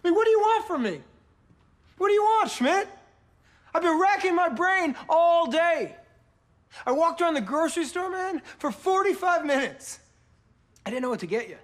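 Sitcom role: a gruff, awkward young man who rambles, repeats himself and tacks "man" onto every line. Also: very high voice, expressive, normal speed, long pauses. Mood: exasperated rant. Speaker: sitcom character. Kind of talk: sitcom acting.

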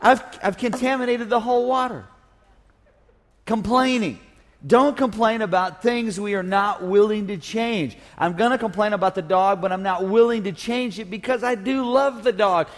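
A man's voice: sits high, normal speed. A man preaching a sermon as pastor, joking and drawing call-and-response from his congregation. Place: church sanctuary. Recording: long reverb of a church hall.

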